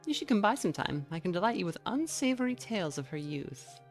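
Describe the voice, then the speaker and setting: A woman voicing a gentle, genteel older lady with courteous, old-fashioned phrasing. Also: medium pitch, sing-song, quick pace, soft background music, voice pushed up, lightly acted.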